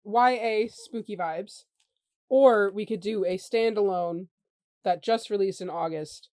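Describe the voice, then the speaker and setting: A woman's voice: mid-range voice, measured pace, darkish tone, no room sound. Wry woman on a dry video call. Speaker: book club co-host. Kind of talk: casual chat.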